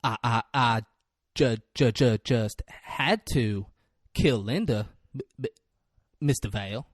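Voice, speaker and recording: A timid young man, as a man puts him on, stuttering and halting over every word. He speaks low and quiet, in a dry, close sound. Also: dry recording. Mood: meek.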